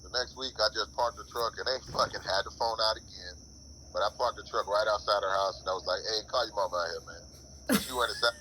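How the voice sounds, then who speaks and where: A man's voice: lowish voice, quick pace, a little hiss or hum, rough recording. A man telling work stories in casual, profane chat on a podcast. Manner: profane, animated storytelling. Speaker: podcast co-host.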